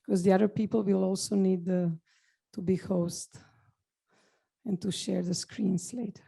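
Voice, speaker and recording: Mellow-voiced woman moderating a session. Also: mid-range voice, fairly even intonation, gravelly, husky. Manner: hesitant, halting with many fillers. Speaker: course organizer moderating a session.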